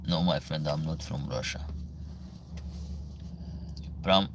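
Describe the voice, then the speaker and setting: With a rumbling low voice and fairly even intonation, an Albanian-accented man from Albania runs a casual livestream Q&A, reading viewers' comments aloud and replying in broken, halting English. The background is noisy.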